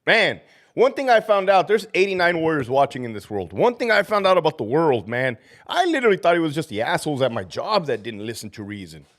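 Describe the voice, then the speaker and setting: A man's voice: a little high, big pitch swings, fairly quick. Profane, ranting sick man on a livestream. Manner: profane, ranting, laughing often. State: sick and feverish. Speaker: livestream host and former prison officer. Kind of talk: casual livestream chat with viewers.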